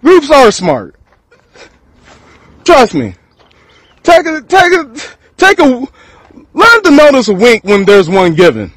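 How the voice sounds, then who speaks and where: A man's voice: very high voice, wildly swooping pitch, slow, long pauses, fairly bright tone, dry recording, low-quality recording. A man from Texas, rambling through a profane freestyle rant to camera and laughing between thoughts.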